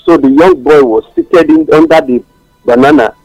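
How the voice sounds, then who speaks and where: On a radio talk show, a man with a Nigerian accent tells stories passionately, moving between English and Pidgin. His gravelly, darkish voice sits high and swoops wildly in pitch at normal speed. The studio sound is dry with no echo and poor quality overall, with faint music underneath.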